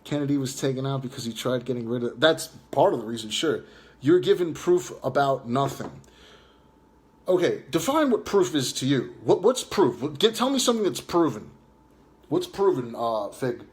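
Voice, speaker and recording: A man's voice: medium pitch, very animated, normal speed. A man livestreaming a combative rant, reading chat aloud and taunting viewers, swearing and jeering as he goes. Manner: swears and jeers.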